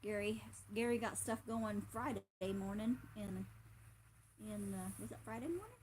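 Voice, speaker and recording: A woman's voice: mid-range voice, moderate pace, darkish tone, slight background noise. A woman hosting a casual homestead livestream, chatting in a rambling way and laughing often. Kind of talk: casual chat.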